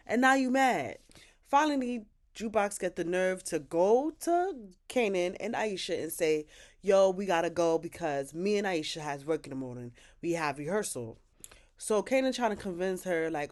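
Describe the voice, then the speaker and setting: A woman giving a casual, chatty episode recap, retelling scenes with quoted dialogue, slang and opinionated asides. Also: medium pitch. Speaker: TV recap host.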